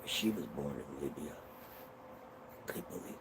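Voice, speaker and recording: A man from Israel hosting a livestream, telling family stories in a casual, profane, animated way. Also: very deep voice, a little slow, very noisy. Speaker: livestream host. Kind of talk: casual storytelling.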